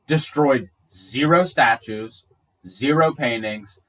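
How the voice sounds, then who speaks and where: A man's voice: mid-range voice, takes it slowly, a bit bright, recorded from a distance. A man co-hosting a casual podcast chat, emphatic and agreeable, piling up examples to make his point. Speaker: podcast co-host.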